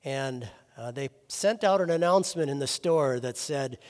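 A man's voice: mid-range voice, normal speed, darkish tone, in a large hall. A man preaching a chapel sermon as chaplain, earnest and storytelling, rising for emphasis.

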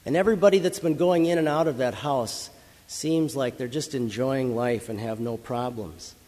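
A man's voice: on the high side, darkish tone, big-room sound. A male pastor giving a dramatic sermon, telling a vivid story and rising into passionate proclamation.

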